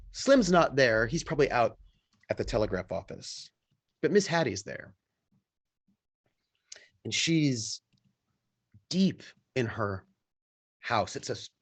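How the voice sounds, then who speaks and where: Male game master, gravelly, animated pitch, steady descriptive narration. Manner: unhurried descriptive narration with pauses.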